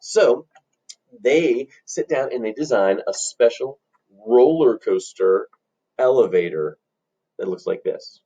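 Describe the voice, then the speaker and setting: A man teaching music by telling a playful story to children, in an animated storyteller manner. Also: medium pitch, a little slow, husky, distant mic. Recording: dull lo-fi recording.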